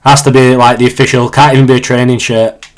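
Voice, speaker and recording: A man's voice: medium pitch, flat delivery, quick pace. A young man in his twenties with a Yorkshire accent, casually chatting on a live stream as he plays and reads viewer questions aloud. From Yorkshire, England. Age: 20s. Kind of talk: casual live-stream chat while gaming.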